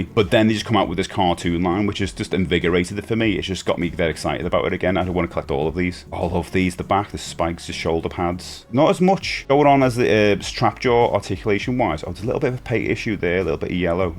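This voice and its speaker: A toy-collecting vlogger in his forties, with a very low voice, does a casual unboxing chat over faint, quiet background music. He's relaxed, chatty, and enthusiastic, rambling and restarting his sentences as excitement gets the better of him.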